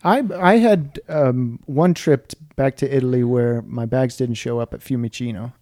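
A man's voice: medium pitch, moderate pace, warm tone, no echo, clean studio sound. A man who hosts a priest podcast, chatting casually and teasing his guest playfully.

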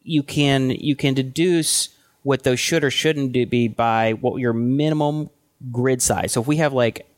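A man co-hosting a casual tech podcast, thinking aloud in a loose, halting way with frequent restarts. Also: medium pitch, no echo, studio quality. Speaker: podcast co-host.

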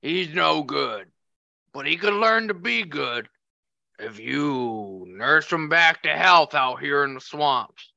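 A man's voice: fairly high pitch, animated, takes it slowly, gravelly, sharp tone, no room sound, muffled recording, exaggerated voice. A man voicing a scheming old backwoods hillbilly with a folksy, sly drawl in a tabletop role-play.

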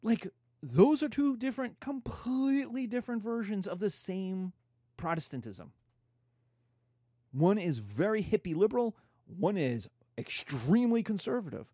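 A man's voice: high-pitched, very animated, a little slow, mellow, breathy edge, no echo, clean studio sound. A man giving a casual, irreverent history lecture, acting out quotes in slangy voices.

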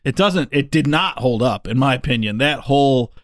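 A man's voice: mid-range voice, lively intonation, normal speed, a bit bright, dry recording. Male podcast co-host, playful and blunt, dry studio sound. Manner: playful, jokey, blunt opinions. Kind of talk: casual movie podcast banter.

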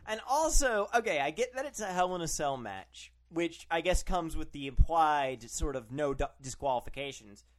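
A man co-hosting a casual podcast, wry and sarcastic, quick to laugh. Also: on the high side, expressive. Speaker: podcast co-host. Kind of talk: casual chat.

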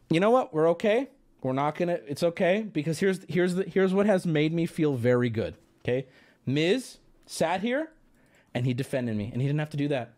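A young man casually riffing and ranting on a live stream, rambling and swearing, with sudden high squeaky outbursts. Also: expressive, normal speed, darkish tone.

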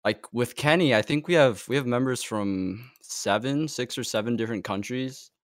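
A man's voice: mid-range voice, normal speed, dry recording, studio quality. A man in a casual group podcast, upbeat and supportive of the others.

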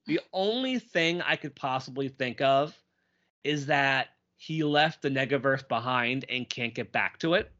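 Bright-voiced man on a podcast. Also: medium pitch, measured pace, dull audio. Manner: animated, quips and reads lines aloud. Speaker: podcast co-host. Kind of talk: casual comic book podcast chat.

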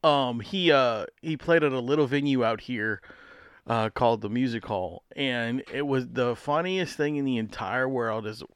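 A man's voice: mid-range voice, normal speed, clear, resonant tone, no room sound, clean studio sound. A man co-hosting a podcast in casual chat, brash and swearing freely. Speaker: podcast co-host.

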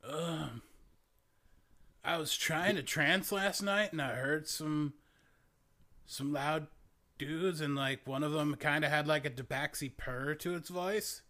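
A man's voice: fairly high pitch, slow, sharp tone. A man doing a spaced-out stoner druid. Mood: spacey. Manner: drawling, rambling, full of "like" and "man". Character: laid-back rambling young male stoner druid. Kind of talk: tabletop role-play character voice.

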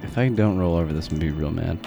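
Very low-voiced blunt male player. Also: rapid-fire, gravelly, over music. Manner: blunt and matter-of-fact, swears freely. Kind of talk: playing a tabletop game.

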